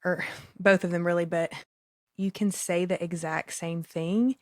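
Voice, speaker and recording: A woman co-hosting a casual faith podcast, rambling warmly with many fillers and self-deprecating laughs. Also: fairly low pitch, steady tone, unhurried, no echo, studio quality. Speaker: podcast co-host.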